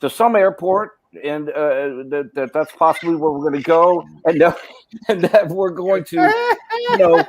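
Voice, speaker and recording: Speaking at a measured pace in a slightly high voice, this middle-aged man is an actor guesting on a podcast. His casual stories wander, packed with fillers and restarts, and he livens up when voicing others' quoted words. The audio is poor, with slight background noise.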